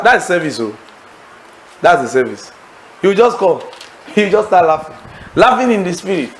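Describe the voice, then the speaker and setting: A man preaching at a Bible study class in a high voice with a gravelly edge. He tells his stories with lively energy, acts out bursts of laughter and throws leading questions at his listeners. A faint hiss sits under the recording. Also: low-quality recording. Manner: animated storytelling, acting out laughter; asks the audience leading questions. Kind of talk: sermon-style teaching to a congregation.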